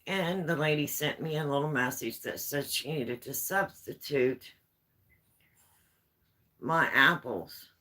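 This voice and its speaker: A woman's voice: deep voice, takes it slowly, pauses often, sharp tone, poor audio. A woman vlogger chatting at home, telling homespun stories in a rambling, easygoing way. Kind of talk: casual storytelling chat.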